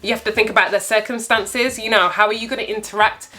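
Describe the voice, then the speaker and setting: A young woman telling a casual dating story as a vlogger, animated and candid, laughing often. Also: on the high side, fast. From United Kingdom.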